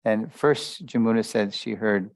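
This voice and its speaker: A man's voice: on the low side, measured pace, no echo. A man giving a spiritual lesson as a story, talking loosely with many fillers and small chuckles. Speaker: spiritual teacher. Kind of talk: storytelling lecture.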